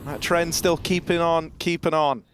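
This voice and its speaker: A man's voice: a little high, steady tone, moderate pace, clean tone. A man commentating a live esports match with dry, wry humor.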